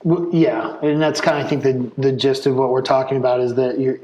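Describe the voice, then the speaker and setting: A retired police officer speaking in a casual interview, blunt and animated, full of "like" and "man". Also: mid-range voice, brisk, lo-fi sound.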